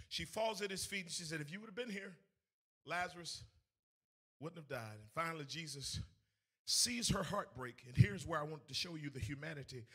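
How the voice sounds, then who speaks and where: Male evangelist mid-sermon, high and piercing, sing-song preaching, loud peaks then hushed asides. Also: breathy edge. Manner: preaching with big swings from shouting to hushed. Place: in front of a congregation.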